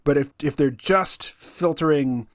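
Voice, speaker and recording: A man's voice: fairly high pitch, a little slow. A man hosting a podcast interview, chatting casually with lots of "you know" fillers. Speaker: podcast host.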